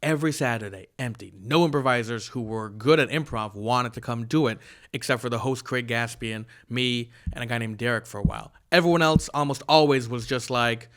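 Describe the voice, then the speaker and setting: A man's voice: medium pitch, brisk, fairly bright tone. A comedian guest in a casual podcast talk, wryly telling stories and acting out the people he quotes. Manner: wry storytelling, acting out quoted voices.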